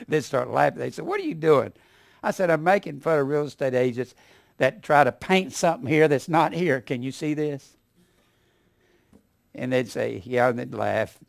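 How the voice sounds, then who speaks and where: A man's voice: creaky, no room sound. Folksy preacher man, dry close sound. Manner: folksy, animated, swings from loud emphasis to low asides. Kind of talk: sermon.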